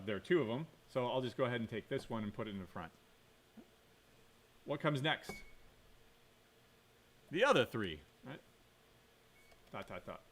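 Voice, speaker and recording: A man's voice: fairly high pitch, fairly bright tone. Man lecturing while live-coding. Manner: thinks aloud, asks the class questions, self-corrects. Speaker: computer science lecturer.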